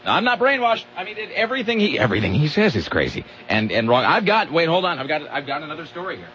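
A man's voice: a little high, very animated, quick pace, pushed and bright. A man hosting a radio show, reading news stories aloud with sarcastic, mocking asides. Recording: muffled radio sound with faint noise.

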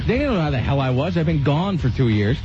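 A man's voice: on the high side, fast, music in the background. A man hosting a radio show, telling rambling stories with lots of asides in casual on-air banter. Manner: rambling, animated storytelling with asides. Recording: dull lo-fi radio sound.

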